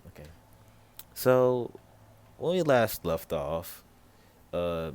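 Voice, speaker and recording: A young man casually telling a rambling, improvised fan story, full of fillers and quick bursts of other characters' voices. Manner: rambling, loose with fillers and "yada yada"; acts out other characters in brief pitch jumps.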